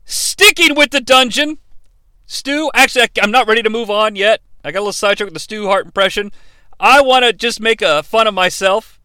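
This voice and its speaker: Brief: high, crisp man in his thirties, sarcastic podcast host on a dry close mic. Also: a little fast, pushed and bright, dry recording. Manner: playful, sarcastic, jumps into impressions. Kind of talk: comedic wrestling review podcast.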